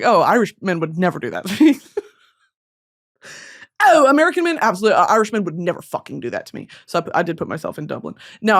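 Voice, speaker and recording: A woman in her twenties hosting a podcast, telling a comedic story in a self-mocking, animated way, jumping between loud bursts and low mutters. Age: 20s. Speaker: podcast host.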